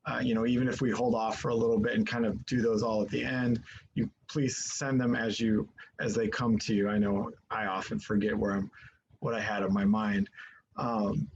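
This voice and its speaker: A man moderating an online panel, speaking thoughtfully and haltingly with many fillers over a video call. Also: lowish voice, flat delivery, dull audio, background noise.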